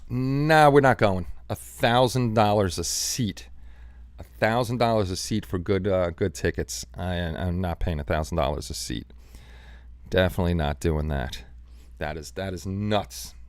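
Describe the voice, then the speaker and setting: A man's voice: low-pitched, measured pace, clean tone, no echo. A man hosting a casual live stream, chatting in a rambling way and answering viewers by name. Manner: rambling, chatty, talks back to chat by name. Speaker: live stream host reading chat.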